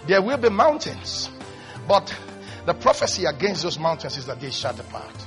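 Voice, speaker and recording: A man preaching a fervent, repetitive sermon that rises into shouts. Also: on the high side, very animated, moderate pace, music in the background.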